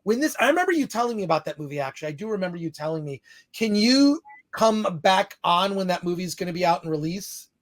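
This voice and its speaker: A man's voice: high voice, big pitch swings, fast talker. A man hosting a live podcast, chatting loosely and reading out viewer messages, rambling and laughing at himself. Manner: rambling, laughing, self-deprecating. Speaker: podcast host. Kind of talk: live-stream podcast chat, reading super chats.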